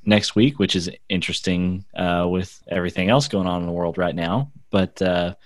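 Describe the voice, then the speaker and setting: A young man with a low voice hosts a casual podcast, easygoing and quick to laugh. The sound is close and dry. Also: dry recording. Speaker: podcast host. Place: Arkansas.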